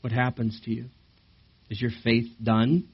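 Brief: male pastor, mid-pitched, animated sermon with questions to the congregation, slightly dull recording. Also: a little slow, slightly rough. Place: church service.

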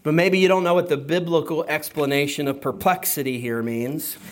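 A man preaching a sermon to his church, slow and emphatic, with deliberate pauses between phrases. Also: on the high side, steady tone. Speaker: pastor.

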